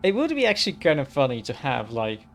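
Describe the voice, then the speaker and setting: A man's voice: medium pitch, huge pitch swings, fast talker. A young man casually commenting over a video game, rambling and thinking aloud with lots of fillers. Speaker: let's play commentator.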